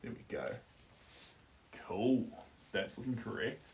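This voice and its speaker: A man's voice: on the low side, animated, slow pace, creaky, far from the mic, a little hiss or hum. A man with a New Zealand accent chatting casually on a live stream while he paints. He murmurs to himself about his strokes and stops now and then to answer viewer comments.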